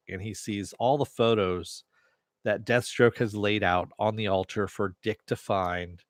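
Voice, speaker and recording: A man's voice: on the low side, no room sound, clean studio sound. A man hosting a casual TV recap and review, chatty with sarcastic asides and the odd swear. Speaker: TV review host.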